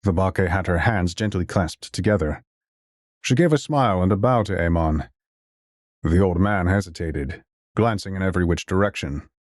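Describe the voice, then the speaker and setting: Man, first-person audio drama narrator, very deep voice, measured storytelling, dry studio sound. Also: dry recording.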